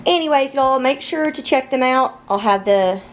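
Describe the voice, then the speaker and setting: At a normal speed, a high-pitched woman chats casually while she cooks supper at home. This home cooking vlogger keeps things relaxed and talkative, using "y'all" a lot.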